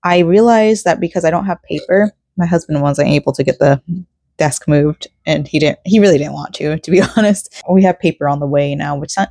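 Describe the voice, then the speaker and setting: A woman's voice: low voice, gravelly, dark tone, dry recording, clean studio sound. A young woman chatting casually while crafting at home, rambling and emotional, with frequent laughs. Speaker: crafting vlogger. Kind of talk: casual rambling vlog chat.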